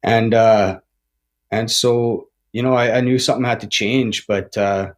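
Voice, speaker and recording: A man's voice: lowish voice, fairly even intonation, measured pace. A man in his forties, a podcast guest telling his recovery story candidly, swearing a lot, tagging lines with "right?" and "man" and restarting often. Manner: rambling with frequent restarts.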